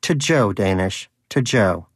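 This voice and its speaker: A man's voice: on the low side, expressive, takes it slowly, no room sound, studio quality. A man voicing a pious, hungry, self-righteous male pet hamster in a storybook reading, with a preachy, indignant manner. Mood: reproachful.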